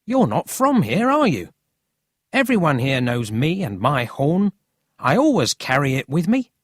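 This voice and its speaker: A narrator voicing a cheeky, excited city boy in a storybook reading. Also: mid-range voice, measured pace, dry recording, clean studio sound, pitched above the performer's own voice. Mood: teasing.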